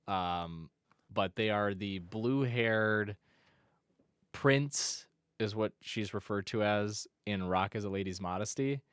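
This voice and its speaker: A man with a low voice co-hosting an anime podcast, talking in loose, rambling stretches full of restarts. The sound is dry and close to the mic. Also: takes it slowly, smooth, no echo. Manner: rambling, many restarts and fillers. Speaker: podcast co-host. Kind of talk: casual chat.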